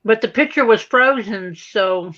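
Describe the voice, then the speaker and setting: A woman's voice: on the high side, unhurried, fairly bright tone, slight background noise. Easygoing woman on dull lo-fi audio. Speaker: chat guest. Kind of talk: casual chat.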